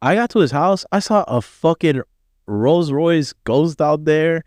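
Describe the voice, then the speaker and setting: A visiting artist from Miami, USA, a man in his thirties, tells a long story in casual, profane, animated talk, acting out the voices of those he quotes. His voice is a little high and unhurried, recorded with no echo.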